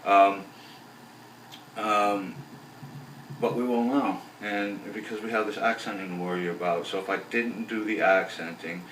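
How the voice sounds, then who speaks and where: A man teaching a bass lesson in a relaxed, rambling way, counting beats aloud as he explains. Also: measured pace, slight background noise. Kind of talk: casual video lesson. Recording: roomy, voice from a distance off the mic.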